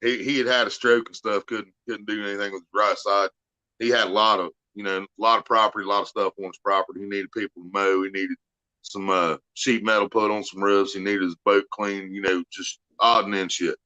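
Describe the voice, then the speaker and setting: Bright-voiced crude joking man. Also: fairly low pitch, flat delivery, a little fast, dry recording. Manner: profane, joking, laughs through his stories. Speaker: podcast host. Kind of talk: casual crude storytelling chat. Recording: dull lo-fi dry recording.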